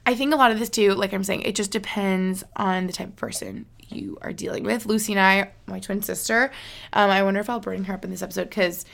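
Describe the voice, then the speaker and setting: Briskly and with a steady tone, a woman in her twenties hosts a casual solo podcast in a gravelly, slightly bright mid-range voice. She speaks candidly, sprinkling in fillers and light laughs.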